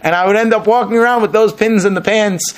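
High-voiced man teaching a lively class. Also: fast. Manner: animated, acts out quoted rabbis with rising emphasis. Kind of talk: informal Torah lesson.

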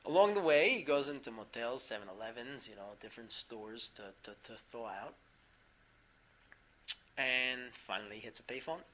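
A man teaching a class through a story, animated, laughing often and filling pauses with "um". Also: mid-range voice, rough recording. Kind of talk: storytelling lesson.

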